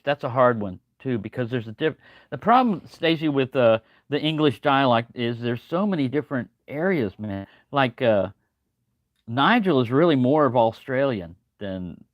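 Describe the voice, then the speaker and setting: A man's voice: mid-range voice, no room sound. An older man rambling casually on a livestream, folksy and chatty, greeting viewers by name. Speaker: livestream host. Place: home, early morning.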